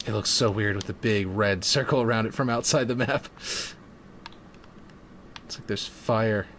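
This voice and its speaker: This streamer has a lowish, slightly bright voice and takes his time as he works on a game map. He chats loosely and muses out loud, often trailing off, over a bit of background noise.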